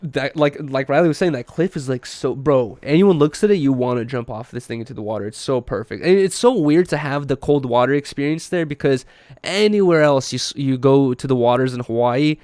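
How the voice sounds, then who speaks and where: A man's voice: mid-range voice, animated, fairly quick, a little mellow, dry recording, clean studio sound. A young man hosting a podcast, telling a story in a laid-back, slangy way with lots of fillers. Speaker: podcast host. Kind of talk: casual chat.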